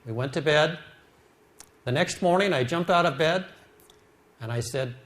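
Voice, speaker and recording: Man telling a slow, heartfelt testimony. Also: mid-range voice. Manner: slow, heartfelt storytelling, drops quiet at sad moments. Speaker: speaker telling his life story. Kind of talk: emotional testimony.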